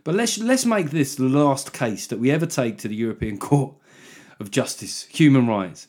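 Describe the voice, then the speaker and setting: A man hosts his own podcast in a loose, rambling monologue. His voice sits at an ordinary middle pitch, and he drifts from one joke to the next with a sarcastic edge. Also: expressive, normal speed, a little mellow. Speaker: podcast host. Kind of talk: casual solo podcast monologue.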